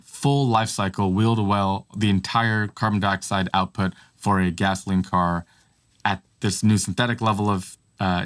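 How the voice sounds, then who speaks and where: A man co-hosting a casual tech podcast, easygoing and thinking aloud with frequent restarts. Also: on the low side. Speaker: podcast co-host.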